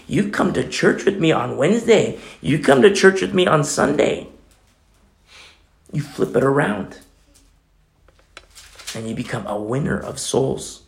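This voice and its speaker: A man preaching a sermon, animated, acting out little dialogues as he teaches. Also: a little high, gravelly. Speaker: pastor.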